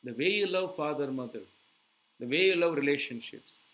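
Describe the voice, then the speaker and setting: A man giving a sermon, animated and full of rhetorical questions to his audience. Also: fairly high pitch, normal speed, poor audio. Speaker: preacher.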